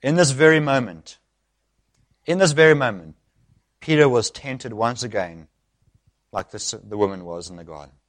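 Animated male preacher with a lively voice. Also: medium pitch, moderate pace, long pauses. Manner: animated, acts out quoted speech with sudden loud bursts. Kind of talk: expository sermon.

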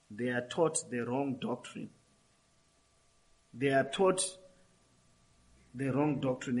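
A man preaching, his voice sitting a little high for a man. He drives his points home by repeating key phrases, rising and falling between loud stresses and quieter asides. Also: poor audio. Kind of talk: sermon.

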